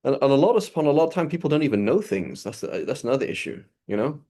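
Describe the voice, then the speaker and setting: Lively man teaching in casual talk. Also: mid-range voice. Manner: animated, acts out dialogue in quick asides. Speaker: Islamic teacher. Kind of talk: casual lesson with anecdotes.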